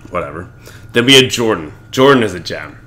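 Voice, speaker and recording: Young male podcast co-host, low-set voice with a bright edge, jokey and loose with fillers. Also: animated, a little fast. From Chicago. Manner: joking, laughs often, trails off with fillers. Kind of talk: casual recap chat.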